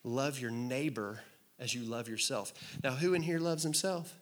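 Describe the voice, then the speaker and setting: A man preaching a sermon to a congregation in a relaxed, conversational way, cracking jokes and asking the room to answer back. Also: mid-range voice, moderate pace. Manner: conversational, joking, asks the crowd to respond. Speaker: pastor. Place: church hall with congregation.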